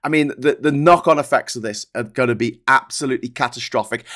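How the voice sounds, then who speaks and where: A man's voice: medium pitch, fast, hardly any pauses, a bit bright. A man hosting a political livestream, ranting in an exasperated, sweary way. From United Kingdom.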